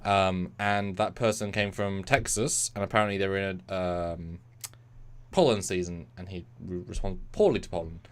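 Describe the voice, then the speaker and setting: A man's voice: sits low, steady tone, normal speed, clean tone. A man, co-hosting a casual livestream chat and telling stories at length. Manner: chatty storyteller, mimics voices. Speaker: co-host.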